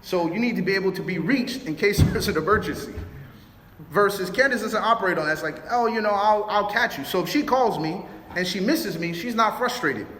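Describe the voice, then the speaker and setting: A man from Chicago giving a relationship talk, animated, acting out both sides of arguments in his stories. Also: high voice, brisk, slight background noise. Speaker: youth speaker. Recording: roomy hall reverb.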